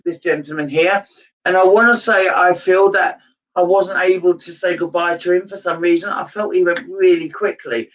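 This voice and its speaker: A psychic medium giving a live-streamed reading to viewers, halting, repeating his phrases and turning emotional. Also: high voice, fairly bright tone, far from the mic, dull audio.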